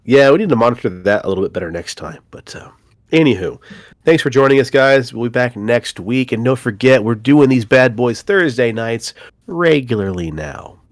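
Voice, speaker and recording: A man's voice: mid-range voice, expressive, normal speed, no echo, studio quality. A man co-hosting a podcast in casual chat, his voice nasal and stuffed up from a cold, laid-back and jokey. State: congested from a cold. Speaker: podcast co-host.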